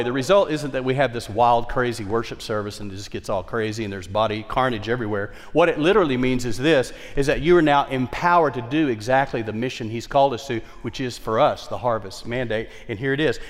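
A male pastor preaching a sermon with emphatic delivery and wide swings in pitch and loudness. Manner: emphatic preaching, repeats key phrases, dynamic swings in pitch and volume. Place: large church worship center. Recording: long hall reverb.

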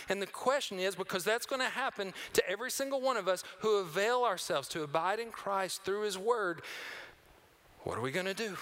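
A man with a high voice preaches a sermon as a pastor, swinging between loud, emphatic lines and hushed near-whispers.

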